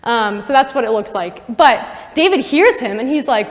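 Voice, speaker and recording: A woman's voice: fairly high pitch, expressive, moderate pace, hardly any pauses. A young woman, a campus missionary, giving a casual Bible teaching talk full of "like" and asides to her listeners, in a university chapel. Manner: chatty, full of "like" and asides to the audience. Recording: long chapel reverb.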